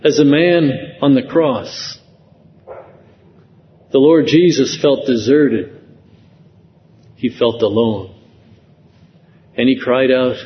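A man preaching a sermon slowly and earnestly, rising into emotional emphasis at key phrases. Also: medium pitch. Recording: dull lo-fi sound with long hall reverb.

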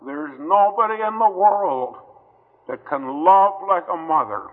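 A man preaching an old-time gospel sermon to a gathering in a hall, slow and earnest, pleading with his listeners through long pauses. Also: high voice, lively intonation. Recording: tinny old hall recording.

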